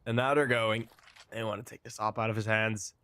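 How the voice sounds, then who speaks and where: A man casting a live match with play-by-play commentary, excitable and quick to exclaim between calls. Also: fairly low pitch, clean tone. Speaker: esports caster.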